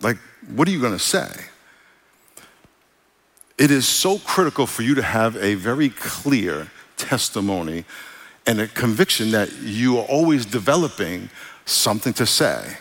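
A middle-aged pastor, his voice sitting a little low for a man. He preaches in a loose, folksy way, stumbling into restarts and asking the congregation for an amen. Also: very animated, a little slow, fairly bright tone. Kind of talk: conversational sermon.

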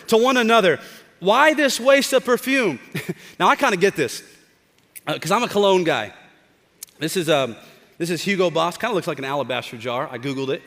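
A pastor in his thirties preaches with an animated, joking, conversational manner, his voice pitched high for a man. The sound carries a long reverb from a large church hall. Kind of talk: sermon.

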